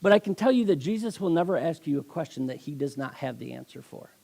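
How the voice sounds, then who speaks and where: A man's voice: on the high side, animated, fast, creaky, darkish tone. A man preaching a sermon as a guest speaker, telling stories with acted voices and emphatic delivery.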